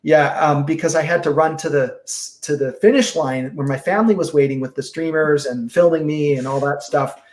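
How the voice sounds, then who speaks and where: A middle-aged man talks on a podcast as a guest, a little higher-pitched than most men. He tells his story in a very expressive, animated way, acting out what others said. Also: normal speed, few pauses. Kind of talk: casual storytelling interview.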